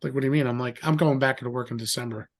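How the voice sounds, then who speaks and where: A middle-aged man telling a story in a rambling, animated way, acting out the voices of others. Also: medium pitch, rapid-fire. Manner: animated, acts out quoted voices; rambling with fillers and restarts. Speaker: guest. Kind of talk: casual storytelling.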